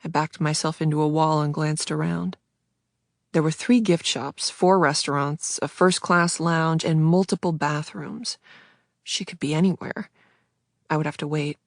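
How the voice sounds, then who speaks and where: A woman reading a first-person thriller audiobook in a hushed, tense voice, close to the mic. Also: low voice, steady tone, a little slow, no echo. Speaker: audiobook narrator.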